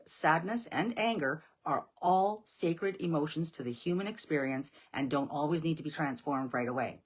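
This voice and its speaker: A woman's voice: low voice, slightly rough. A woman from Nova Scotia, leading a live devotional, reciting hymns solemnly and chatting casually with viewers. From Nova Scotia, Canada. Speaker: devotional leader. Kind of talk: live-streamed devotional prayer.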